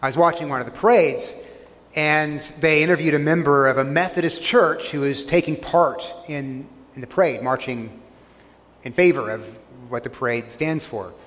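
A pastor delivering a sermon, his voice sitting a little high for a man. He retells scripture scenes earnestly and leans hard on key words. A long reverb trails each phrase, as in a large hall. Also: moderate pace, fairly bright tone.

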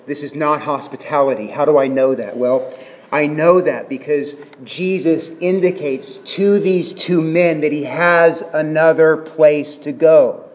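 A man's voice: on the high side, big-room sound. A middle-aged man preaching a sermon, earnest and explanatory, with humorous asides about his family. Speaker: pastor.

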